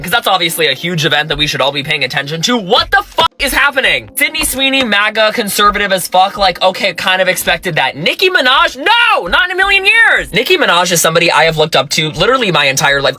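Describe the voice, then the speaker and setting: A woman's voice: mid-range voice, pushed and bright. A woman ranting in a reaction video, exasperated and swearing.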